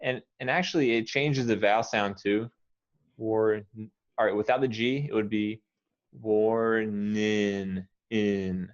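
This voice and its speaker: An American man coaching English pronunciation, patiently repeating and stretching out each word. His voice sits low. The audio is muffled and lo-fi. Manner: patient, models words slowly and repeats them. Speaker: English teacher. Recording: dull lo-fi audio.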